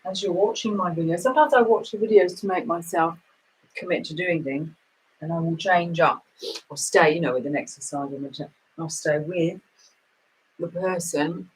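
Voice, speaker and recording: A woman's voice: lowish voice, moderate pace, a little hiss or hum, poor audio. A woman guides listeners through stretches and held breaths in an easygoing, unscripted way. Her instructions wander and restart, moving from topic to topic before coming back to the next breath. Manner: loose, rambling instruction with frequent restarts. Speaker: meditation and breathing teacher.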